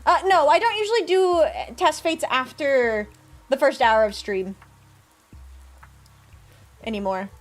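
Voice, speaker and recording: A woman's voice: sits high, unhurried, long pauses. A woman streaming a game live, chatting playfully with viewers and reading the game's text aloud. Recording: faint music behind.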